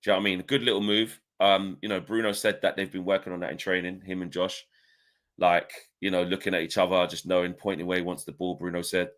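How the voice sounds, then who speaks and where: A man talking football in a loose, rambling way, forever tossing in "you know" and "do you know what I mean". His voice sits a little low, and he chats from home on a video call. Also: flat delivery, quick pace, fairly bright tone. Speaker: football podcast co-host. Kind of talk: casual football chat.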